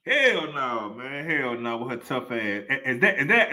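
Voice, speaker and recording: A man's voice: medium pitch, sing-song, normal speed, hardly any pauses, pushed and bright. A man hosting a casual reaction stream, joking crudely and rambling loosely. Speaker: stream host.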